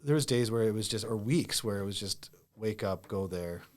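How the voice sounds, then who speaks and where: A comedian guest talking casually on a podcast, rambling with many restarts and lots of "like". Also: male voice, fairly low pitch, moderate pace. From Canada. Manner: rambling, heavy use of "like" and restarts.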